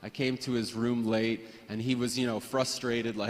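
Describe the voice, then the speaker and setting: A man sharing personal memories at a memorial gathering, hesitant, with frequent restarts and soft laughs. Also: medium pitch, level tone, moderate pace, long reverb tail. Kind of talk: personal reminiscence.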